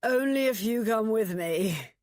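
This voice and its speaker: A woman voicing a drunk, slurring young man with a loud, careless manner in an audiobook. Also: on the low side, unhurried, no room sound, clean studio sound, lightly acted. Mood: drunk, boisterous. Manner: slurred, boisterous. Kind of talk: audiobook narration.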